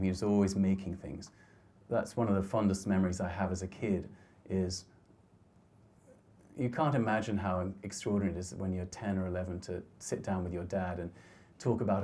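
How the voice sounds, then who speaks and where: Soft-spoken man with a low, mellow voice. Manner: gentle, halting, with restarts. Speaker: photographer giving a talk. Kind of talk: reflective slide talk. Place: lecture hall.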